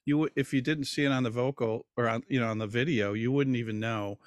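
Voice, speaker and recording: A man's voice: mid-range voice, steady tone, fast, no echo. Man host, dry close sound. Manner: supportive, asks questions, short affirmations. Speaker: interview host. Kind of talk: conversational interview.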